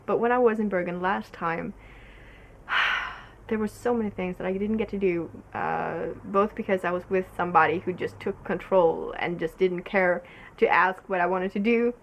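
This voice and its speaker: A woman's voice: lowish voice, normal speed, a bit bright, slight background noise. A young woman from Norway, hosting a casual knitting podcast in a rambling, giggly way, full of fillers. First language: Norwegian. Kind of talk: casual solo podcast chat.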